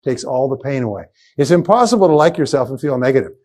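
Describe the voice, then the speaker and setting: A man's voice: mid-range voice, animated, fast talker, darkish tone. An older man speaks at a motivational seminar, speaking to a live audience in a mid-range voice. He is emphatic and repetitive, hammering short phrases and rising to punchy exclamations.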